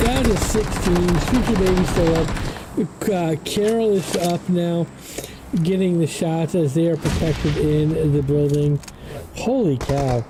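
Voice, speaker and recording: An esports caster doing play-by-play commentary, chatty and excitable, with the voice jumping up on every knockdown. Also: takes it slowly, very noisy. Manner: excitable, pitch jumps on knockdowns; chatty asides about the broadcast controls.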